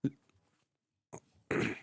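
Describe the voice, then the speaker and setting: A man's voice: drawn-out words, a bit bright. A young man live-streaming a football management game, chatting casually to his viewers as he plays. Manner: chatty, talks to chat while playing.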